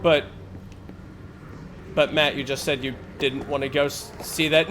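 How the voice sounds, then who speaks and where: A man in his forties, a live streamer, telling a story in a casual, animated and profane way with frequent laughs. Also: fairly high pitch, a little slow, long pauses, slight background noise.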